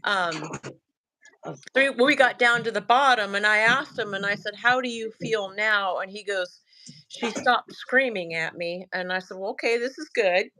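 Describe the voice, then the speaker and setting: A woman with a Southern US accent, a guest, tells a sighting story in casual conversation, animatedly acting out her son's lines and her own and laughing often. Her voice is medium in pitch at a moderate pace.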